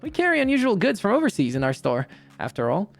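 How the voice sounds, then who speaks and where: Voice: medium pitch, wildly swooping pitch, fast talker, vocal fry, no room sound, faint music behind, pitched above the performer's own voice, full character voice. A streamer voicing a bubbly, gyaru-like young woman in a visual novel, reading her lines in a cheerful, chatty way.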